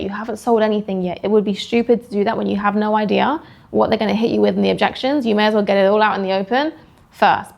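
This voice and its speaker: A woman sales coach teaching a sales framework in a brisk, conversational way, often acting out what clients say. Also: medium pitch, vocal fry.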